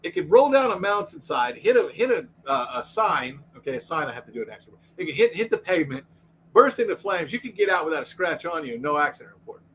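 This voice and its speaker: A man's voice: a little high, very animated, fast, fairly bright tone, a little hiss or hum, rough recording. A man who used to be a police officer, co-hosting a casual livestream chat and telling rambling stories with a lot of restarts. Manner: rambling storytelling with repeated restarts. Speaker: co-host, former police officer.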